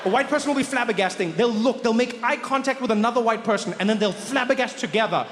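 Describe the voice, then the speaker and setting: A young man with a South African accent works a crowd, telling animated stories and acting out the people in them. His voice sits high for a man. The live mic picks up a clear, steady layer of noise. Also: fast talker. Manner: animated storytelling with acted-out voices. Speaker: stand-up comedian. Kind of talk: stand-up comedy. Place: comedy stage before an audience.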